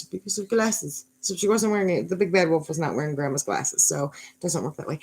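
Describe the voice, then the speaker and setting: Brief: woman in her thirties, low-pitched, sarcastic rambling storyteller. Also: brisk, hardly any pauses, a little mellow, slightly rough. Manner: wry, rambling asides. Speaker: mother telling a bedtime story.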